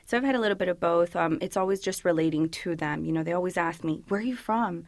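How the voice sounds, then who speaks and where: A woman's voice: fairly low pitch, fairly even intonation, fast, no echo. Chatty woman police officer, dry sound. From United States, parents from El Salvador. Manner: chatty, many fillers, acts out quoted people. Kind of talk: casual interview answers.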